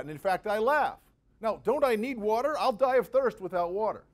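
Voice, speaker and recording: A man's voice: high-pitched, big pitch swings, normal speed. A man giving a university guest lecture in a conversational, jokey way, with everyday examples. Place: university venue with a live audience.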